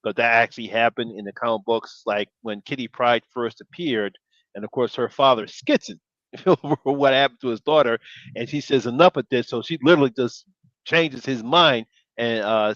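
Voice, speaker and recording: A man hosting a casual live-stream chat, talking calmly and evenly with many "uh" fillers. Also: medium pitch, dry recording. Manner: calm, measured, with frequent "uh" fillers and agreeing murmurs. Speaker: host. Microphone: video call. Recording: dry, dull lo-fi sound.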